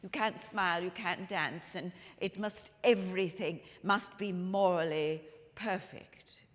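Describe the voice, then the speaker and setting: A woman's voice: lowish voice, measured pace, lightly acted. A woman storyteller playing the ghost of a 19th-century woman author, speaking theatrically to a live audience with lingering emphasis. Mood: earnest. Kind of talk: one-woman historical storytelling performance. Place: church sanctuary with live audience. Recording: long reverb of a large church hall.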